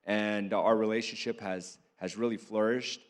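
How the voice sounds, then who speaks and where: Low-voiced man, reflective and halting. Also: fairly even intonation. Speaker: panel speaker. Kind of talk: reflective panel talk.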